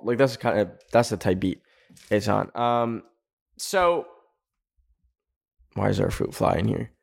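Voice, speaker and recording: Profane, animated young man ranting. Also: unhurried, vocal fry, long pauses. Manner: animated, profane, sarcastic, pitch leaping up on emphasis. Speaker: podcast host. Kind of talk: casual ranting commentary.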